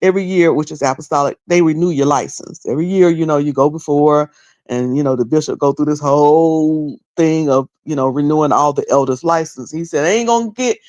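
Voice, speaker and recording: A woman's voice: low-pitched, fairly even intonation, fairly quick, darkish tone, no room sound, dull audio. Rambling woman commentator, dry close sound. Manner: rambling, repeats words, folksy and candid. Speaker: online commentator. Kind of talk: casual commentary on a video.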